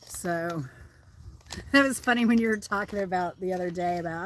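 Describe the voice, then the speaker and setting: A middle-aged Southern American woman hosts a livestream outdoors, chatting casually and rambling. Her voice is on the low side at a normal speed, with slight background noise.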